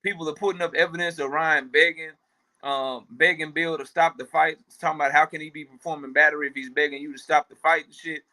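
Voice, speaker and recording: A man's voice: a little high, steady tone, quick pace, few pauses, bright, forceful tone. A man co-hosting a casual boxing talk show, speaking loosely with profanity and fillers.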